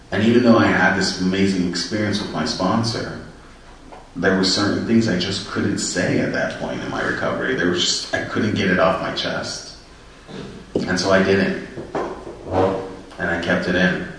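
Low-voiced man, earnest personal storyteller, very echoey room, mic set back. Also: a bit bright, far from the mic, slight background noise. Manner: earnest and reflective. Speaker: person in recovery sharing his story.

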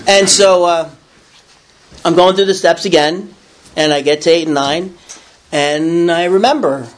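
Middle-aged new guy telling a long story, rambly, keeps restarting, voice on the higher side. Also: a little slow, pauses often. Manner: rambling, with many restarts and self-corrections. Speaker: storyteller sharing a recovery story. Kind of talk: casual personal storytelling.

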